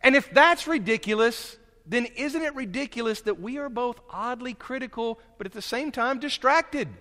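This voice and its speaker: A male preacher giving a sermon, moving between quiet, low asides and raised, emphatic points. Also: lively intonation, normal speed. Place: church sanctuary. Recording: long reverb of a large hall.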